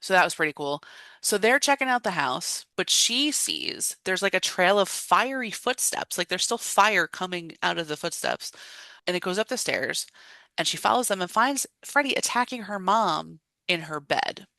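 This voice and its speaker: A woman's voice: lowish voice, normal speed, creaky, no room sound. A woman co-hosting a podcast in casual chat, recapping a film with acted-out quotes and frequent laughs. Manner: animated retelling with acted-out quotes. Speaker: podcast co-host.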